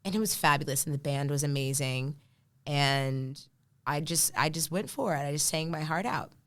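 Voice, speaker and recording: A woman telling an animated story in casual chat, acting out the lines of people she quotes. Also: sits low, normal speed. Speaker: podcast guest.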